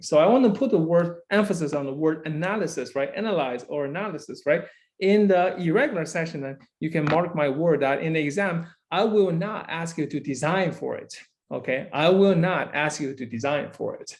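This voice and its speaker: Man, university lecturer, classroom lecture, repeats himself, keeps asking "right?", fairly high-pitched. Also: fairly quick. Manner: repeats key phrases, tags lines with "right?".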